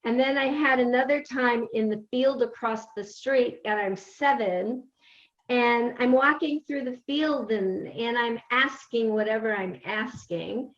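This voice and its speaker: A woman's voice: a little high, a bit bright. Hesitant woman on a dull video call. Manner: hesitant, full of pauses and fillers. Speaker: guest. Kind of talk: casual storytelling. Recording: slightly dull lo-fi sound.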